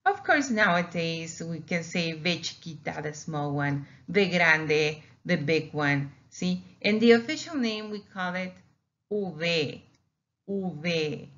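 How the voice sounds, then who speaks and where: A woman talks through a recorded language lesson at an unhurried pace, her voice sitting a little low. She repeats key words patiently to make them stick. The recording sounds dull and lo-fi. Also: animated, fairly bright tone. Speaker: Spanish teacher. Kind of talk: recorded slideshow lecture.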